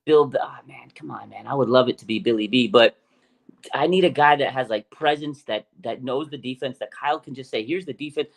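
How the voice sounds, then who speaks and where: A man hosting a casual sports podcast, talking in an animated, slangy way with many fillers and restarts. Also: medium pitch, fairly quick, creaky. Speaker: podcast host.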